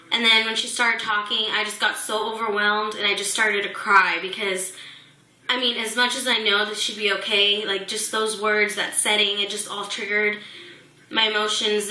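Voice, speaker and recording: Recorded in an echoey room, this personal pregnancy update comes from a young woman vlogger with a mid-range, sharp voice. She emotionally recounts a hospital visit while pregnant, with many fillers and restarts.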